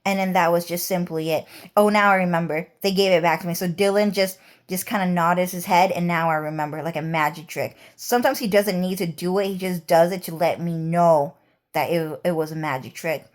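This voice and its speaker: A woman's voice: on the low side, a little fast. A woman vlogger talking in a rambling, heated monologue, swearing often.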